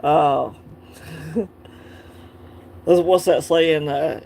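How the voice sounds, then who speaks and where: A man's voice: fairly high pitch, steady tone, drawn-out words, vocal fry, a little mellow, slight background noise. A man from Alabama with a Southern accent, hosting a casual coin-collecting livestream, rambling, laughing and answering viewers' chat.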